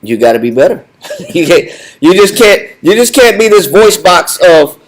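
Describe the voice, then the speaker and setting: A man leading a Bible study lesson in a conversational, animated way, repeating himself and laughing often. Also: high-pitched, normal speed, rough recording. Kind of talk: conversational teaching.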